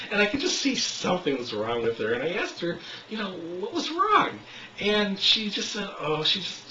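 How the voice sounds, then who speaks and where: A man leading a smoking cessation clinic, telling a story in an animated way and acting out the quotes. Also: medium pitch. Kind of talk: storytelling lecture. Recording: roomy, distant, slightly dull recording.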